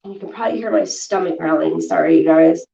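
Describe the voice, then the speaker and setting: Through distant, dull lo-fi audio, a woman vlogger talks fast in a fairly low, gravelly and dark voice. She's irritated and swearing as she rants casually to her livestream viewers.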